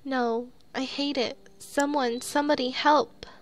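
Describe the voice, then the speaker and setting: A woman's voice: high voice, fairly even intonation, a little slow. A woman voicing a timid, tearful young woman in a horror game, reading her pleading, self-blaming lines aloud. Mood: distraught.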